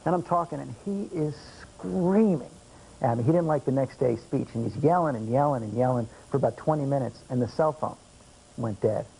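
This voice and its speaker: A man in his thirties, a guest on a late-night show, tells dry, self-deprecating stories. His voice is gravelly and a little husky. The sound comes off an old VHS broadcast tape. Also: mid-range voice, brisk, dark tone, rough recording. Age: 30s. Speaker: talk show guest, former political adviser. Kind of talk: anecdotal storytelling. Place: TV studio. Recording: VHS archive tape with faint hiss.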